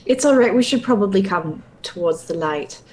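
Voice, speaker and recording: A woman playing a tabletop role-playing game, speaking gently and a little hesitantly. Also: medium pitch, expressive, moderate pace, rough recording. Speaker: player. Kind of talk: casual tabletop role-play.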